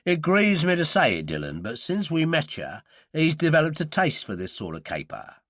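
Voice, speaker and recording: A man voicing a blunt older gangster, pitched above his own voice. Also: wildly swooping pitch, moderate pace, a bit bright, no room sound, studio quality, exaggerated voice. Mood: gruff.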